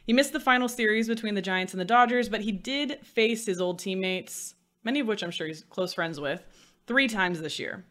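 Woman podcast host, mid-pitched, chatty and sarcastic, solo studio show. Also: moderate pace, fairly bright tone. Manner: chatty and self-mocking, with dry sarcasm. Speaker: sports betting podcast host.

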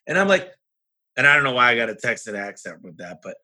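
A man who owns a home services business, talking in a lively podcast conversation and acting out the exchanges he has with other owners. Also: mid-range voice, fast talker, low-quality recording. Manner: animated, acts out his own conversations in quoted voices.

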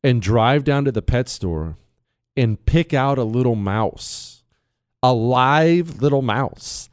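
A man hosting a talk radio show, telling stories in a casual, animated way and laughing at his own jokes. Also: medium pitch, slow pace, no room sound, clean studio sound. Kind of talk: casual storytelling monologue. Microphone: studio mic.

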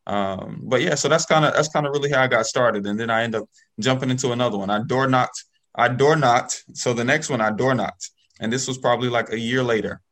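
Guy telling his real estate start story, casual and animated, keeps going "okay?". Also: mid-range voice, fast. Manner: animated, checks in with "okay?" and "right?". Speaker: guest, real estate investor.

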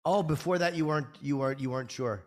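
A man hosting an interview asks casual questions quickly and stumbles over his words as he restarts. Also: medium pitch, darkish tone. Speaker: interviewer, host.

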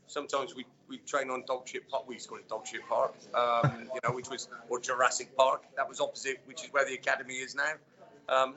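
A man, a former footballer, telling stories in a relaxed interview chat with many fillers. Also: medium pitch. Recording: dull lo-fi sound.

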